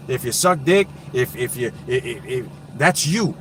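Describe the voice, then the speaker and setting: A man's voice: medium pitch, expressive, moderate pace, few pauses, fairly bright tone, slight background noise. A man in his thirties of Puerto Rican heritage hosting a casual live stream, talking bluntly and profanely in streetwise slang. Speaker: boxing live-stream host.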